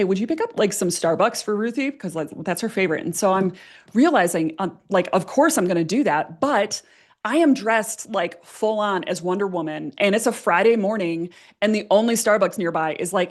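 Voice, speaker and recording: Animated woman telling a story. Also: medium pitch. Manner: animated, laughs often, many fillers. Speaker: workshop presenter. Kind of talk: storytelling in a workshop.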